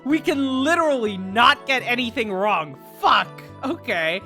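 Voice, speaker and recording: A woman giving casual, excitable commentary while playing a detective game, swearing freely and reasoning out loud. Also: on the high side, a little slow, few pauses, soft background music. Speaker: let's play gamer.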